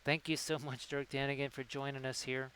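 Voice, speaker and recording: A man's voice: medium pitch, level tone, fairly quick, a bit bright, slight background noise, low-quality recording. A man hosting a casual livestream who rambles and reads chat messages aloud. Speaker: livestream host. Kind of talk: casual chat while painting.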